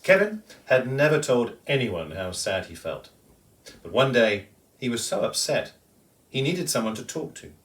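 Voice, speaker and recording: Man reading a children's story, lively. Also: medium pitch, a little slow, distant mic. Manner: expressive, sing-song reading.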